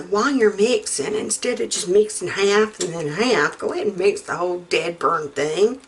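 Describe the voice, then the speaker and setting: A woman's voice: mid-range voice, noisy background. A middle-aged woman, chatting in a folksy, rambling way while showing a recipe in her home kitchen. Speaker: home cook host. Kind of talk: casual cooking demonstration.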